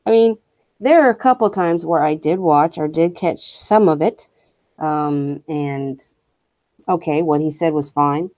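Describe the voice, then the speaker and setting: Young woman streamer ranting, swears a lot, lowish mellow voice, dry sound. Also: a little slow, dry recording. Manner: blunt, profane, opinionated. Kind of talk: casual rant while streaming.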